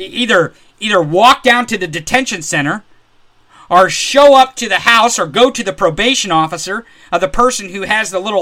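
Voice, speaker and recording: Ranting man commentator, high, sharp-toned voice, heated and profane. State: angry. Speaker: political commentator. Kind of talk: angry political rant.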